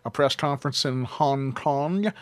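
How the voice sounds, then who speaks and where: A man's voice: medium pitch, a little slow, dry recording. A man hosting an online radio show, giving a casual, joking review full of "uh" fillers and side tangents. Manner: rambling and joking, with many "uh" fillers. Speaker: online radio host reviewing home video releases.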